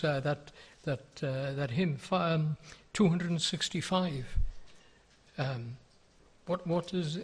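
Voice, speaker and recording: An older man preaching a sermon, earnest and pleading, with many rhetorical questions and a husky voice. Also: on the high side, a bit bright. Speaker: pastor.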